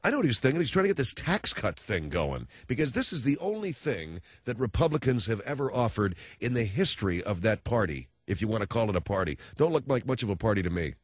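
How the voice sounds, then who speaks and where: A man's voice: lowish voice, big pitch swings, fast talker, few pauses, dry recording, dull audio. A man hosting a talk radio show, ranting about politics in a sarcastic, mocking way.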